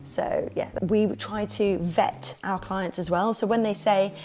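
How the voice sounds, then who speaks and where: A woman's voice: medium pitch, a little slow. Chatty woman telling party-business stories. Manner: lively, acts out quoted voices. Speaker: kids party business owner, podcast guest. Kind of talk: casual interview storytelling.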